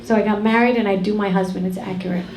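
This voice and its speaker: A woman's voice: mid-range voice, fairly even intonation, fast, heavy background noise. A middle-aged woman doing a brash, profane stand-up set on a comedy club stage. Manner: brash, profane, ranting delivery. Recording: echoey club with loud crowd.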